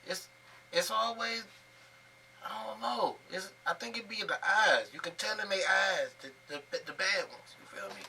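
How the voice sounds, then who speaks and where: A man's voice: high-pitched, moderate pace, gravelly, sharp tone, recorded from a distance, slight background noise. A man hosting a reaction video, talking casually in slang and often asking "you feel me". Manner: laid-back slangy talk, frequent "you feel me". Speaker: reaction channel host.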